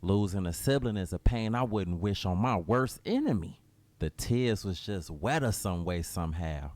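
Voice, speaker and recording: A man's voice: deep voice, animated, moderate pace, a little mellow, dry recording. A young man narrating a personal storytime in slangy, laid-back speech.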